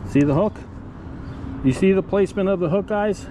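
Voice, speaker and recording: A man's voice: sits high, moderate pace, noisy background. A man filming himself fishing outdoors on a riverbank, talking viewers through landing a fish and calling them guys. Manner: addresses viewers as guys, coaching and explaining. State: out of breath. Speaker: fishing vlogger. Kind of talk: live play-by-play commentary.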